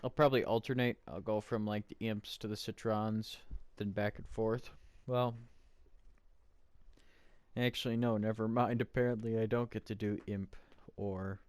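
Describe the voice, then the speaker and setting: A young man giving casual, monotone commentary over his own gameplay. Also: lowish voice, normal speed, no room sound. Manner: monotone, offhand. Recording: clear background noise.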